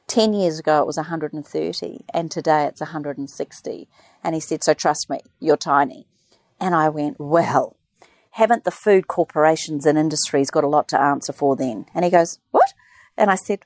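Middle-aged woman, animated anecdote teller with a gravelly low voice. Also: brisk, dry recording. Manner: animated storyteller, quotes others in lively voices. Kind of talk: casual chat.

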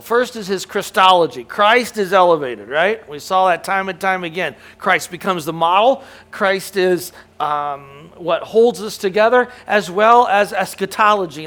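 A man's voice: high-pitched, fairly bright tone. A man preaching an expository sermon to his congregation, earnest and emphatic, often repeating words as he restarts. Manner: answers questions from the room. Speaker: preacher teaching a Bible study.

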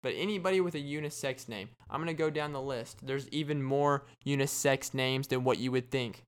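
A man hosting a podcast, giving a casual joking monologue in a deadpan way and acting out little imagined conversations. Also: mid-range voice, a little fast, smooth. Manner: deadpan, joking, acts out quoted exchanges. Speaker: podcast host.

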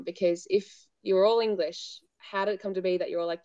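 Chatty, animated woman podcast co-host. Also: mid-range voice, a little fast, hardly any pauses, no echo, muffled recording. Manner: animated and chatty, laughs easily. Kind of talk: casual chat.

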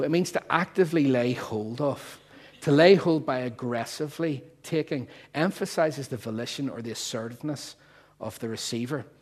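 A man preaching a sermon, emphatic and playful as he explains word meanings to his congregation. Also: mid-range voice.

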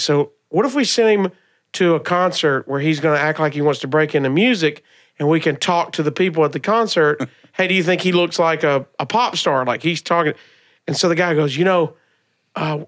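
A man from Alabama with a Southern accent, a comedian telling stories on a podcast in a casual, animated way, acting out other people's lines. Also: a little high, brisk. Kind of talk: casual storytelling.

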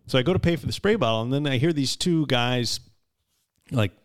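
A man in his fifties co-hosting a podcast, telling a story in a wry, unhurried way in casual chat. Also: mid-range voice, animated. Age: 50s. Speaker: podcast co-host.

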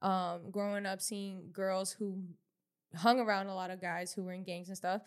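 A woman's voice: mid-range voice, level tone, moderate pace. A woman co-hosting a podcast, chatting bluntly with many restarts and fillers. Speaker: podcast co-host. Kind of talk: casual opinionated chat.

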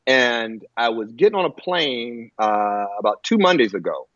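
A man telling a personal story in a halting way, with many fillers and restarts, on a muffled lo-fi recording. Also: mid-range voice, sing-song, fairly bright tone, dry recording. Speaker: guest. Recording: muffled lo-fi audio.

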